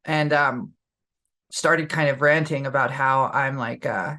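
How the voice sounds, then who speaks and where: A woman's voice: a bass voice, steady tone, unhurried, sharp tone. A young adult woman co-hosting a podcast, telling a story casually and candidly with many fillers. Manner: candid, lots of fillers, laughs while telling. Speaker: podcast co-host.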